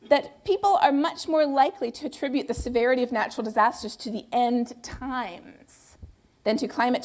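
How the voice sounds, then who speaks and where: A guest lecturer gives a public talk in a fairly high voice with a darkish tone. Conversational and emphatic, she keeps asking rhetorical questions and answering them herself.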